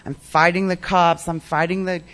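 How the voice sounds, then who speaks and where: A speaker at a recovery meeting, telling their own story in a candid, animated way, full of "like" and "you know", and acting out old conversations. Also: mid-range voice, normal speed. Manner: candid and animated, acts out past dialogue; peppers speech with "like" and "you know".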